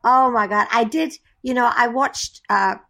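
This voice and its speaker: A woman's voice: on the high side, gravelly, pushed and bright. Gushing woman guest. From Scotland. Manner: effusive, gushing, quick to laugh. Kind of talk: casual chat.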